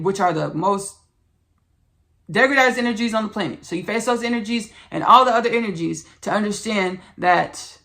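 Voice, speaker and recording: A woman's voice: lowish voice, vocal fry, fairly bright tone. A woman hosting a spiritual podcast, speaking in an earnest, repetitive, preachy way as she talks about channeling. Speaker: podcast host.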